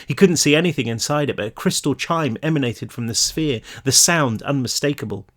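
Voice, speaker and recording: Male author reading his own novel, mid-range voice, emotional read-through that climbs in pitch when tense. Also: fairly quick, a bit bright. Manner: emotional, voice rising and breaking in tense passages. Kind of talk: audiobook-style reading.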